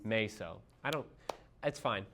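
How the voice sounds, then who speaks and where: A man's voice: medium pitch, measured pace, noisy background. A man with a Midwestern accent reviewing chemistry for a class, explaining step by step with everyday analogies and quizzing his students. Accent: Midwestern American. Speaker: chemistry teacher.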